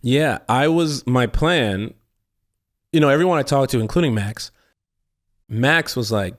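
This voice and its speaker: A man talking as a guest in a relaxed interview, his voice sitting in a middle pitch. He tells stories animatedly, acting out his own reactions in quotes. His phrasing rambles with quick restarts. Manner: rambling with frequent restarts and laughs. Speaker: actor and guest. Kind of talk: casual interview conversation.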